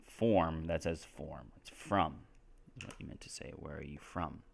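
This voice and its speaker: A man's voice: extremely low pitch, a little slow, vocal fry. A man from Texas teaching English on a live stream, explaining in a casual, chatty way and checking in with "right?" as he goes. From Texas, United States.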